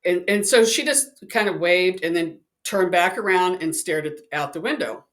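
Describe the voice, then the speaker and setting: A woman's voice: on the low side, moderate pace. Chatty woman telling a story. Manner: chatty, animated, acts out quoted voices. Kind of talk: casual storytelling.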